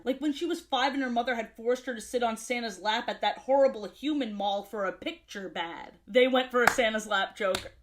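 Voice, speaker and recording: A fairly high-voiced woman delivers a wry, comedic book review, sarcastic and playful throughout, with casual swearing sprinkled in. She talks close to the mic. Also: fairly bright tone.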